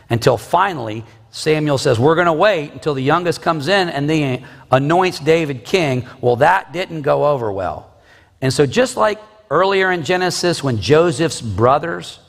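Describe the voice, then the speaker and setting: A man in his forties teaching a Bible lesson in a conversational way, with asides and rhetorical questions. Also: medium pitch. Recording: long reverb.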